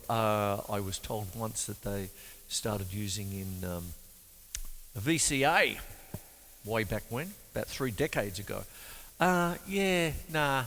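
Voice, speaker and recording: A man's voice: fairly low pitch, slow, dark tone. A man teaching drums in a joking, chatty way, counting rhythms aloud. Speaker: drum teacher. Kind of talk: jokey drum lesson with spoken counting. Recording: reverberant room with drum music.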